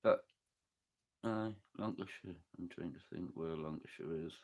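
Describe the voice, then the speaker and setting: Reading live comments, a northeast English man rambles casually between topics, cracking jokes and swearing with his audience. He speaks at a measured pace in a low, darkish voice.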